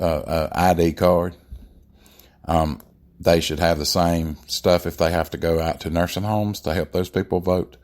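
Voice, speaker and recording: A man with a very low voice delivers a blunt political monologue as a podcast host. He talks emphatically, and fillers and restarts break up his sentences. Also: darkish tone.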